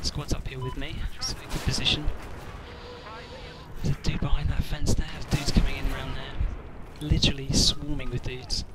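Sweary gamer over loud gunfire. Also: male voice, mid-range voice, level tone, moderate pace, very noisy. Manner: rambling, sweary, self-mocking. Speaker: gameplay commentator. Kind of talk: casual gameplay commentary. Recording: loud game gunfire and explosions behind.

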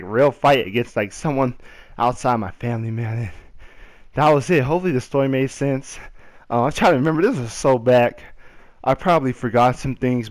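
A man telling a casual storytime vlog, rambling with lots of "like" and slipping in deadpan jokes. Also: medium pitch, dry recording. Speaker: vlogger.

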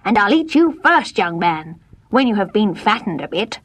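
Woman doing a shrill cackling old witch. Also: sing-song, moderate pace, heavy background noise, natural voice. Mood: gloating. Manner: shrill and gloating, sly coaxing.

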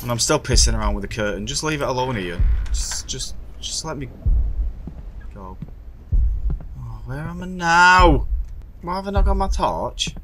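A man's voice: medium pitch, animated, fairly quick, fairly bright tone, a little hiss or hum. A man commentating a horror game as he plays, jumpy and swearing, talking to himself with sudden yelps. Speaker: gaming streamer.

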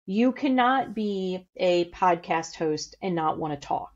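Speaking as a podcast guest in a relaxed interview, a middle-aged woman from St. Louis, USA, is blunt, candid, and quick with her words. Her voice sits on the low side with a slightly mellow quality, and the recording loses its highs.

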